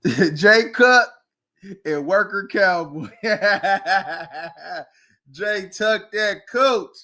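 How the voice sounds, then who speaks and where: Loud, mocking man ranting about football. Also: high voice, slow. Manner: animated, laughing, mocking, loud outbursts. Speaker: sports commentator. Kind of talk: casual sports rant. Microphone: streaming mic.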